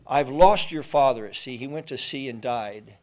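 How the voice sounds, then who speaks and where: A man's voice: mid-range voice, moderate pace, close to an everyday voice. A man voicing a grieving mother who begs her son not to go to sea, in a raised, pleading voice.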